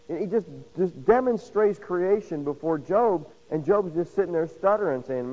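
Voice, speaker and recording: A man delivers a sermon in a voice pitched a touch high. He swings between loud, emphatic lines and soft, intimate ones, and acts out quoted voices with rhetorical questions. The sound is muffled and lo-fi, like an old radio broadcast. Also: animated, normal speed. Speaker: pastor.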